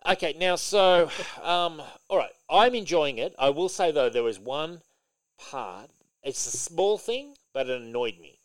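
Lively opinionated man, dry close mic. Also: a little high, a little slow, no room sound, rough recording. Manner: animated, opinionated, swears casually. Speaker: podcast co-host. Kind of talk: casual chat.

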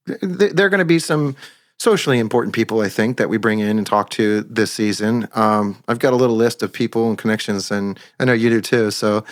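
A man's voice: on the low side, brisk, no room sound, clean studio sound. A young man co-hosting a podcast in casual, rambling chat, swearing and laughing as he talks. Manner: rambling, profane, laughs often. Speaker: podcast co-host.

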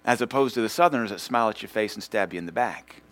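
A man's voice: lowish voice, fast, fairly bright tone, no echo. Emphatic male pastor preaching. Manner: emphatic and teasing, with rhythmic repetition. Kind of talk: preaching a sermon.

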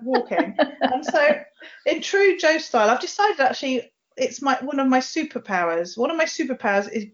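Woman podcast host, chatty and self-deprecating; a touch high, muffled recording. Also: animated, moderate pace. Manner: chatty, self-mocking, laughs often. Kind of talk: casual chat. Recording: dull lo-fi audio.

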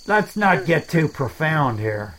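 A man's voice: on the high side, big pitch swings, a crowd in the background, low-quality recording. A man as a rambling swamp alligator. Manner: rambling, halting, self-deprecating. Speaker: main character of a comedy podcast. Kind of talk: improvised comedy dialogue.

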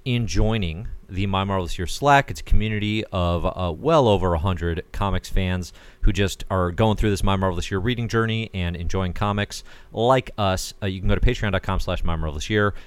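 A man's voice: low-pitched, brisk, hardly any pauses, smooth, no echo. A man co-hosting a podcast in a playful, joking casual chat. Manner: playful, jokey, breaks into silly singing. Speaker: podcast co-host.

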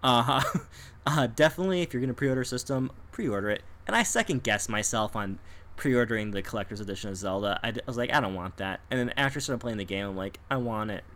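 A man's voice: mid-range voice, animated, quick pace, a bit bright. A man talking casually and with real animation, his voice jumping around as he tells a story, breaking into laughs, and acting out the lines of people he quotes. It feels like an easy, loose chat among friends.

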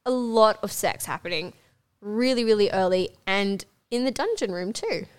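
A young woman co-hosts a casual podcast, speaking frankly and laughing often. She trails off and restarts her thoughts, padding them with fillers. Her voice sits in a middle pitch. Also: very animated, normal speed, smooth. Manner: candid, giggly, trails off with fillers. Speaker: podcast co-host. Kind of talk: casual chat.

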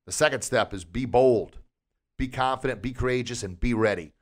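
With a mid-range voice at a moderate pace, a man hosts a podcast as a martial arts instructor. His talk is energetic and motivational, full of rhetorical questions aimed at listeners.

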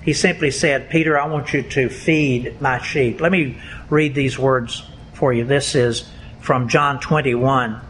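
A man preaching a sermon as pastor, in a deliberate, emphatic way. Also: mid-range voice, steady tone, a bit bright, a little hiss or hum, rough recording. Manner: slow, deliberate, emphatic delivery.

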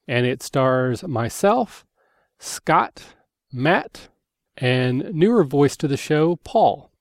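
A man hosting a tabletop game podcast, giving a measured scripted introduction. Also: mid-range voice, darkish tone, dry recording, clean studio sound. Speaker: podcast host.

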